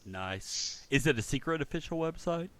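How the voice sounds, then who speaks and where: A man's voice: a little high, lively intonation, moderate pace, fairly bright tone, dry recording. A man co-hosting a podcast in casual chat, joking with playful asides. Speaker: podcast co-host.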